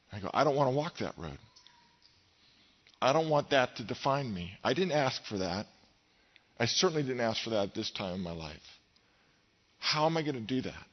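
A middle-aged male pastor preaching a sermon with passion. He raises his voice for scripture quotes and drops low and soft when telling personal stories. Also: lively intonation, fairly quick. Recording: dull, long reverb in a large hall.

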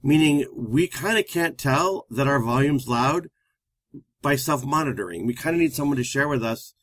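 A man co-hosting a relationship advice talk, telling stories in an animated, emphatic way. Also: mid-range voice, normal speed, dry recording. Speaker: relationship counselor co-host. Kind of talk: casual advice chat.

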